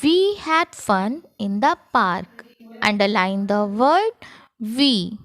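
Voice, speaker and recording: A woman teacher with an Indian English accent, talking children through a grammar lesson in a slow classroom manner. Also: mid-range voice, sing-song, fairly bright tone, no echo. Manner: slow, sing-song classroom delivery. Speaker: school teacher.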